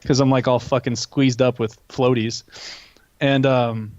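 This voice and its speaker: A young man co-hosting a casual podcast, telling animated stories and swearing often. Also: medium pitch, measured pace, no room sound, highs cut off. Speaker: podcast co-host. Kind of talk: casual chat.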